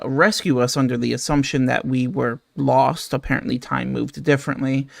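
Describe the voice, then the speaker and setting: A man's voice: medium pitch, gravelly, a bit bright, no room sound. Long-winded male player, dry sound. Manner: long-winded, explaining at length. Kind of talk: in-character tabletop role-play.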